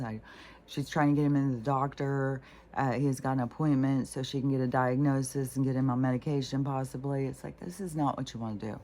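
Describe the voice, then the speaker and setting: Woman, middle-aged, very deep voice, profane rambling chat, faint background hum. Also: steady tone, normal speed, warm tone. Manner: blunt, profane, rambling with many fillers. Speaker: spiritual vlogger. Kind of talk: casual rambling monologue.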